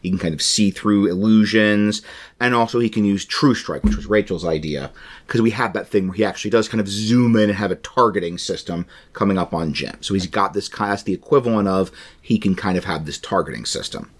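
A man with a lowish voice and a fairly quick pace co-hosts a podcast, explaining the rules of a tabletop game. His casual chat is playful, rambling and enthusiastic.

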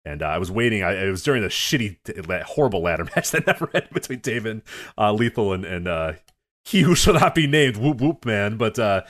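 Fast-talking man telling a story. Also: on the low side, lively intonation, a bit bright. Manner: rambling anecdotes with fillers and laughter. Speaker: podcast co-host. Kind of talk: casual storytelling.

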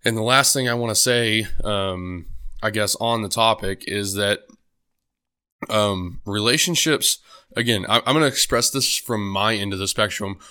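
A man's voice: on the low side, a little slow, bright, forceful tone, smooth. A young man talking alone on his podcast, rambling casually with many fillers and restarts. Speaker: podcast host. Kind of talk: solo podcast monologue.

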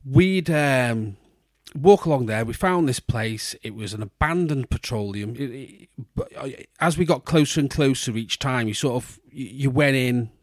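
A man's voice: medium pitch, normal speed, no echo. A middle-aged man, telling a long, rambling story in casual podcast chat, full of restarts and fillers. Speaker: podcast co-host.

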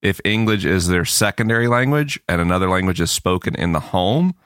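A man with a Southern Florida Panhandle accent chatting as a podcast guest, wry and animated. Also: deep voice, brisk, clear, resonant tone, no room sound, studio quality. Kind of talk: casual chat.

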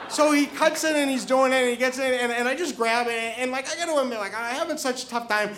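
A middle-aged man telling a live story, excitable, stumbling over repeated words. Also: very high voice, fairly quick, slight background noise. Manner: excited, stammering repetitions.

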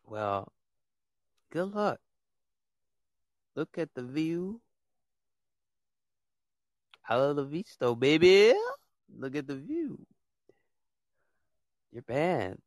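A man's voice: on the high side, sing-song, extremely slow, long pauses, a little mellow, dry recording, studio quality. A man hosting his own podcast, delivering a blunt, fed-up rant full of repetition and casual slang. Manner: fed-up, blunt, repeats himself. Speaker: podcast host. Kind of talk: ranting monologue.

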